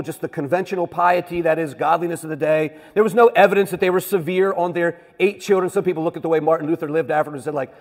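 A man's voice: a little high, in a large hall. A man teaching a church history class in a conversational way, often asking the listeners rhetorical questions.

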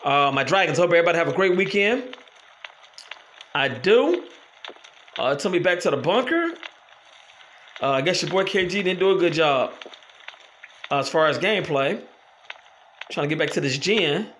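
A man hosting a horror game playthrough, commentating loudly, cursing and exclaiming as he plays. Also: fairly high pitch, animated, moderate pace, pauses often, slight background noise. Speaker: gaming channel host.

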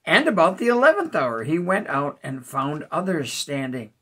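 A male pastor reading a Bible chapter aloud with short spoken comments, unhurried, with small hesitations between thoughts and rising emphasis on the quoted lines. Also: fairly high pitch, big pitch swings, sharp tone, breathy edge. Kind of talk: scripture reading with brief commentary.

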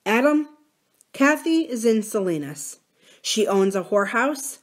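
A woman reading the part of a gentle, wise old male rancher in an audiobook-style reading. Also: medium pitch, close to an everyday voice.

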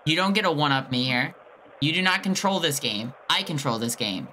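A woman streamer mockingly taunting a scammer on a call, shifting between high teasing and low menacing tones. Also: animated, brisk, sharp tone, slight background noise. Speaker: scam baiter streamer.

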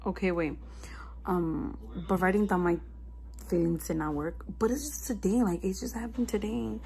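A woman's voice: mid-range voice, moderate pace, gravelly, a little mellow, rough recording. A young woman vlogging about feeling stressed, talking casually to the camera with lots of fillers like "like" and "you know what I mean". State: stressed and low. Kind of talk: casual confessional vlog.

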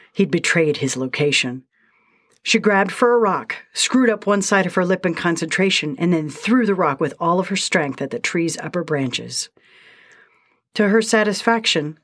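A woman narrating a short story in a steady, measured reading style. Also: on the low side.

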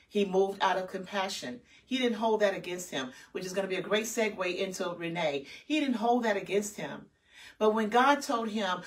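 Female minister-host, emphatic preaching voice, middle pitch, recorded from a distance. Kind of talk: preaching with Bible storytelling. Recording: distant mic.

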